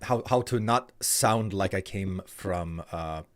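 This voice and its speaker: A man chats casually with viewers during a live stream, often hesitating, restarting sentences, and repeating words. His voice is low and slow, with slight background noise.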